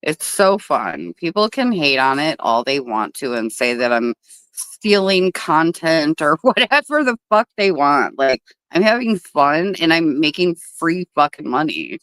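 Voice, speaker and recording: Sitting at an outdoor table, a woman hosts a casual livestream and chats with viewers, her pitch swinging widely. She's blunt, swears freely, and takes her time, with a slightly bright, clean tone in a dry recording with little echo.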